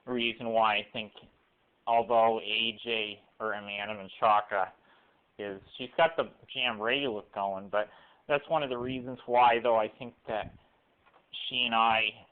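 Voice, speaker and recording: A young man rambling through a halting personal monologue, recorded on a cell phone camera. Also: fairly low pitch, fairly even intonation, smooth. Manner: halting, full of restarts and fillers. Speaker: vlogger. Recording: weak tinny cell phone audio.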